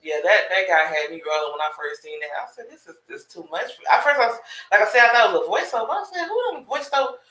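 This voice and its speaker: A co-host in casual talk-show chat, exclaiming and quick to laugh. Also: mid-range voice, bright, forceful tone. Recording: roomy echo.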